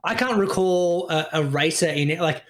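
A man's voice: on the high side, normal speed. A man co-hosting a podcast, telling stories in casual chat and swearing freely. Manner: swears freely, animated storytelling. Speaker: podcast co-host.

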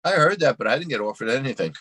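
A man's voice: medium pitch, expressive, fairly quick, sharp tone, husky, dry recording. A man, a guest on an interview show, answering in a plainspoken, matter-of-fact way. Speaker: guest, card dealer. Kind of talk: casual interview chat.

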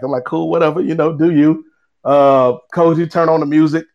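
Male co-host, animated raconteur, fairly high pitch, mimics characters as he tells it. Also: moderate pace, lo-fi sound. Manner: lively, acts out quoted voices with big pitch swings. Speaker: guest co-host. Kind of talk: animated storytelling.

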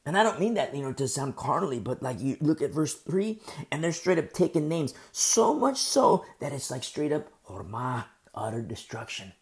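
A male pastor leads a Bible study in a relaxed, conversational way, and his voice carries a gravelly rasp. His throat is sore, so he shifts between forceful emphasis and a soft, slow delivery. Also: on the high side. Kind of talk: conversational sermon-style Bible teaching.

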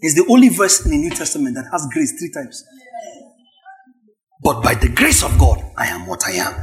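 A man preaching a sermon, emphatic and repetitive, rising to shouts at his peaks. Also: on the high side, huge pitch swings, moderate pace, faint music behind. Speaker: pastor.

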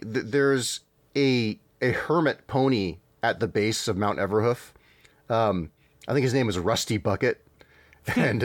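A man's voice: on the low side, no echo. A man hosting a casual podcast, chatting about cartoons in a rambling way with fillers and laughs. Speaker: podcast host.

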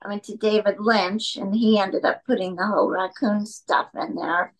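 A woman's voice: mid-range voice, fairly even intonation, moderate pace, low-quality recording. A middle-aged actress telling rambling anecdotes at home in a casual interview, stopping to talk to her cat.

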